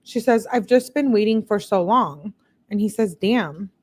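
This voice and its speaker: A woman hosting a show, reading text messages aloud in a plain, steady way and breaking off for blunt, disbelieving asides to her viewers. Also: mid-range voice, measured pace, husky. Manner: reads chat comments aloud to viewers. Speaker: channel host.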